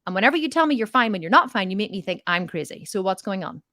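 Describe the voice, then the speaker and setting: A woman's voice: mid-range voice, big pitch swings, fast, sharp tone, no echo. A middle-aged woman giving motivational coaching in a question-and-answer talk, emphatic and repeating her points for weight. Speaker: fitness and mindset coach.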